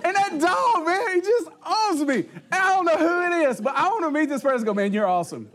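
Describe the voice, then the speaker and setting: A middle-aged man speaks to a youth group in a high voice that swoops up and down with a lot of life. He keeps laughing through his own lines and acts out the quotes in his stories, as if chatting with the teens. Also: fast talker. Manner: laughs often mid-sentence, animated, acts out quotes. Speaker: youth pastor. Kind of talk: humorous storytelling talk to teenagers.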